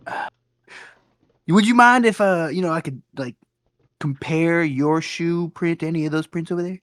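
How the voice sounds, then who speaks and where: A man's voice: on the high side, moderate pace, a bit bright, dry recording. A man playing a tabletop game, joking and crude, repeating himself often. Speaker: player. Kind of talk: casual tabletop play.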